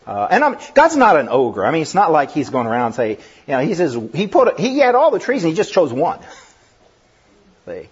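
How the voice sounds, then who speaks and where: A middle-aged man preaching a sermon, lively and given to laughing asides and acting out voices. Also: on the high side, normal speed, pauses often, slightly rough. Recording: dull lo-fi recording.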